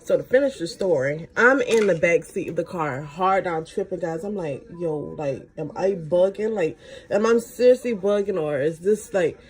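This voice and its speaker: A young woman, a beauty vlogger, telling a casual story while doing her makeup, with slangy talk that jumps high in pitch when she gets excited. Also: normal speed.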